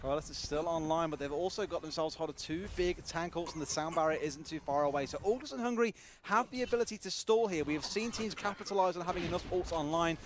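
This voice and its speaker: A man giving live color commentary on a competitive video game match, with rapid, chatty analysis and a few jokes. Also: fairly high pitch, slight background noise.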